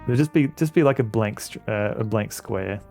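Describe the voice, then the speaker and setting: With a fairly low, creaky, darkish voice, this man talks briskly while streaming a video game, faint music playing behind him. He keeps things casual, joking at his own expense and frequently stumbling over and repeating his words.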